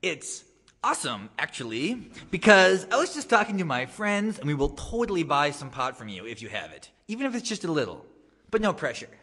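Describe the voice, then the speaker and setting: A tipsy teenage girl at a motel party gushes and apologizes over and over, as a man reads her lines. The delivery is bright and lively, with pitch leaping about. A long reverb hangs on the voice in a gallery hall. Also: fairly quick, breathy edge, exaggerated voice. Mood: eager. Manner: gushing, apologetic, sprinkled with "like" and "totally".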